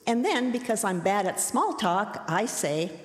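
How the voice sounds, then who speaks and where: A woman's voice: mid-range voice, sing-song, measured pace, heavy background noise. A middle-aged woman tells a story live to an audience. Her delivery is wry and self-deprecating, and she times the comic lines. Her voice carries through a roomy hall with a long, ringing reverb. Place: large hall.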